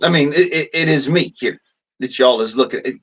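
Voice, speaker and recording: A man's voice: fairly high pitch, fairly quick, fairly bright tone, muffled recording. A man ranting in a vlog, swearing constantly in a blunt, rambling way with folksy slang. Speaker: vlogger.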